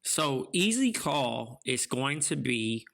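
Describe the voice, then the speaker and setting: A man's voice: medium pitch, big pitch swings, takes it slowly, gravelly, a bit bright. A young man co-hosting a casual podcast chat, joking around and reading out listener answers. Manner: laid-back, jokey, reads out listener answers. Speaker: podcast co-host.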